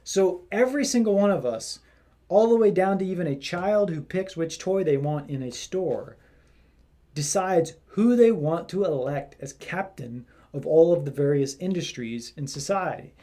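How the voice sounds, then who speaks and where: A man hosting a casual political commentary. His voice is fairly high, and he rambles along with plenty of fillers and restarts. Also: expressive, moderate pace, mellow. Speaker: commentary host.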